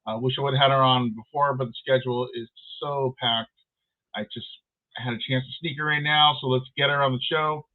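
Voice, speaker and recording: A man's voice: medium pitch, fairly even intonation, a little fast. Chatty male host on a tinny line. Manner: chatty, rambling with fillers. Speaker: podcast host. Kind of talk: casual show hosting.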